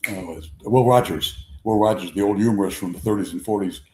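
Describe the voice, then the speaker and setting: Older guy in his 70s spinning a long sports story, kinda low voice, repeats himself a lot, roomy echo. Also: brisk, slight background noise. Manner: rambling, repeats himself, animated impressions in stories. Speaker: sports talk show host. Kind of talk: conversational storytelling. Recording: echoey room.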